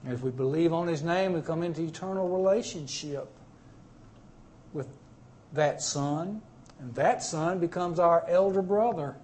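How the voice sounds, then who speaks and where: A male preacher delivers a sermon in a fairly high voice. He speaks emphatically and swings between loud and soft. He repeats words and phrases for stress. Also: a little slow, slight background noise.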